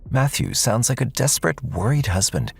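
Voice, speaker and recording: A man's voice: mid-range voice, lively intonation, normal speed, creaky, breathy edge. A man giving dramatic, suspense-building scripted narration for a true crime documentary.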